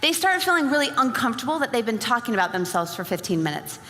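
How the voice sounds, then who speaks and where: Before an audience in a big hall, a woman with a fairly high, sing-song voice races through a story in a bright, forceful tone, energetically playing both parties in a conversation. It's a motivational sales-event talk, captured with live hall reverb.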